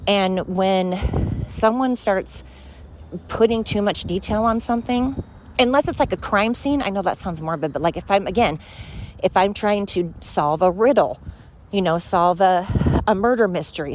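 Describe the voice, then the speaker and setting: A woman's voice: mid-range voice, slight background noise. A woman hosting a rambling solo podcast while walking outdoors, out of breath and talking in a scattered, chatty, self-deprecating way. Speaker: podcast host. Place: outdoors on a night walk by a road.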